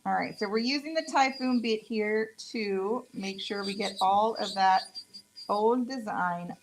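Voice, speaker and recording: Demonstrating nail products live in a relaxed way, this woman, whose first language is Spanish and who has a Mexican accent, stays chatty and jokes around with playful asides. She speaks in a mid-range voice at a measured pace over slight background noise on a low-quality recording.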